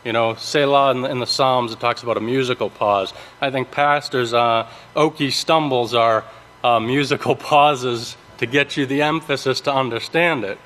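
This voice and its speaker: A man giving a sermon, teaching from scripture in a halting way with many ums, restarts and checks of "okay?". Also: medium pitch, steady tone, a bit bright. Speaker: preacher. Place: large worship hall. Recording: long reverb of a large hall.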